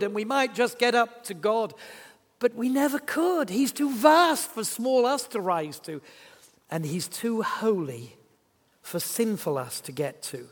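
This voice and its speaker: A man preaching a sermon in a church, telling a story with lively emphasis. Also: sits high, a little slow, big-room sound.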